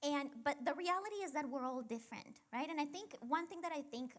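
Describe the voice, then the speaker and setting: A woman's voice: high voice, expressive, quick pace. Chatty woman in her thirties. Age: 30s. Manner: chatty, reflective, lots of fillers. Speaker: church women's talk host. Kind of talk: casual faith talk.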